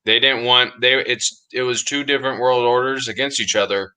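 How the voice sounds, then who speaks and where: Casting note: male podcast co-host, bright forceful tone, emphatic and insistent, casual slangy chat. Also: mid-range voice, fairly even intonation, normal speed, smooth, poor audio. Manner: emphatic, insistent, says "dude" a lot.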